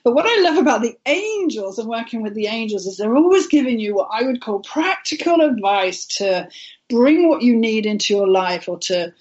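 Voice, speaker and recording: A woman's voice: on the high side, a little mellow, muffled recording. A woman speaking as a guest on an internet radio interview, telling her story in a heartfelt, earnest way. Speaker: guest, intuitive healer.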